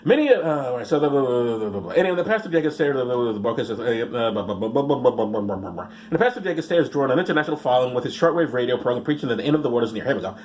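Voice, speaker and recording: A man's voice: mid-range voice, expressive, rapid-fire, hardly any pauses, darkish tone, a little hiss or hum. Sarcastic man rambling through news stories. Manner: rambling, mocking asides, mumbled "blah blah" skips. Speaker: vlogger reading news stories.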